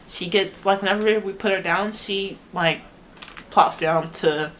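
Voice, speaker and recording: A woman's voice: mid-range voice, measured pace, a bit bright, a little hiss or hum, rough recording. A young woman talking casually to camera as a mother giving a baby update, rambling with lots of "like" and frequent laughs. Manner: chatty, rambling, heavy use of "like", laughs often.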